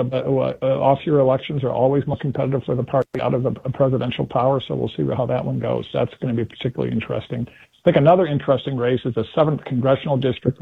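Male political commentator calling in, husky voice, tinny phone line, animated and chatty. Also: medium pitch, no echo. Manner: animated, acts out quotes in put-on voices. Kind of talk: casual political talk on radio. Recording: phone-line call-in audio.

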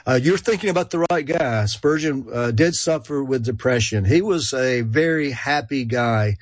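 A man's voice: mid-range voice, moderate pace, no echo. A man with a country Georgia accent, speaking as a guest expert on a call-in radio talk show, with many fillers and restarts. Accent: rural Georgia. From Georgia, USA.

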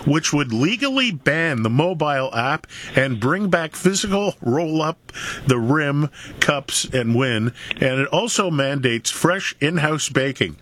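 A man's voice: fairly high pitch, expressive, unhurried, a bit bright. Canadian male radio host, playful, chuckling, asks long questions. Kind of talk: radio interview.

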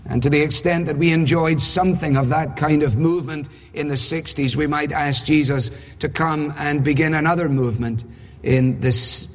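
A man preaching a sermon, emphatic, with rhetorical questions and dry humor. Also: a little high. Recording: husky voice in reverberant hall.

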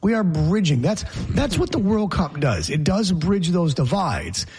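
A man's voice: sits high, big pitch swings, measured pace, darkish tone, breathy edge. A man hosting a sports talk show, opinionated and rambling as he jokes through the banter.

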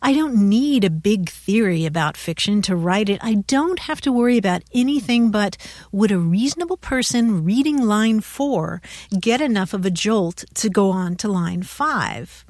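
A woman's voice: medium pitch, expressive, normal speed, a little mellow, no echo, studio quality. A woman co-hosting a radio show, enthusiastically recommending a book in casual conversation. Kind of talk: casual radio chat about books.

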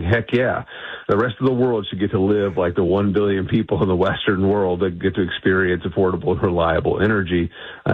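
Deep-voiced man on a tinny phone line. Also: husky, dry recording. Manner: assertive, emphatic advocacy with frequent restarts. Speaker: energy policy guest. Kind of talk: phone-in radio interview.

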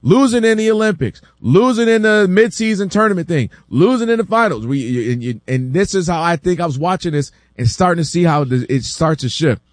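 Animated man talking sports, slightly high voice. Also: brisk, hardly any pauses, no room sound, studio quality. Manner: animated, acts out other people's quotes in voices; stammers and repeats words when building a point. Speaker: sports talk show host. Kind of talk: casual sports debate.

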